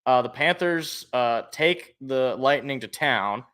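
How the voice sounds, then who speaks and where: Animated man hosting a sports chat. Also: mid-range voice, slow pace, smooth. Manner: animated, jokey, thinks aloud. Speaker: sports podcast host. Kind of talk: casual chat.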